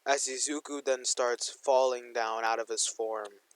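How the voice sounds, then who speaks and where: A man's voice: medium pitch, fairly even intonation, measured pace, dry recording, low-quality recording. A young man casually narrating a fan-made story, rambling with lots of slang and "like", on a close mic.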